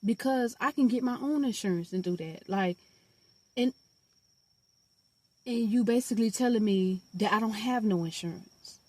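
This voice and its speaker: A woman's voice: fairly high pitch, normal speed, pauses often, no echo. Blunt, slangy young woman telling a story. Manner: animated, blunt and profane, with slangy asides. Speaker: storytime vlogger. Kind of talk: casual storytelling.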